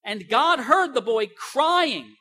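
An older woman delivering a sermon in a bright, fairly high voice. She preaches emphatically, drawing key phrases out slowly and moving between quiet asides and loud stresses. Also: animated.

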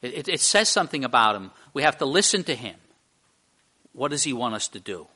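A man's voice: medium pitch, very animated, a little fast, sharp tone. A man preaching a sermon, conversational, with frequent restarts and repeated words. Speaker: pastor.

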